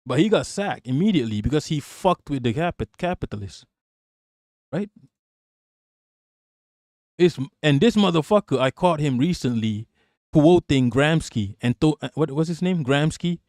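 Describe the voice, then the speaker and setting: A Malaysian man hosts a livestream, ranting casually about politics, swearing a lot, cracking jokes and reading the chat aloud. His voice is a little high, expressive and darkish, at normal speed with frequent pauses. It's studio quality with no room sound.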